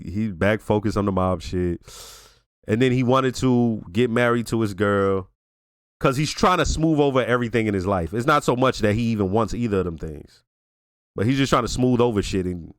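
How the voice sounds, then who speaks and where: A man with a medium-pitched voice hosts a casual reaction and review video in clean studio sound with no room echo. He swears freely and retells scenes in animated storytelling full of exclamations.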